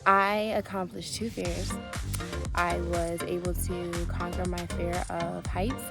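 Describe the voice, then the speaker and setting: A woman's voice: fairly low pitch, level tone, takes it slowly, vocal fry, over music. A woman vlogging about her travels, telling a personal story candidly with lots of casual fillers.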